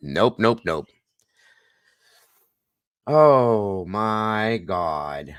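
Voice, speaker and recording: A man hosting a casual live stream, telling animated stories and swearing lightly. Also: on the low side, drawn-out words, smooth, no echo.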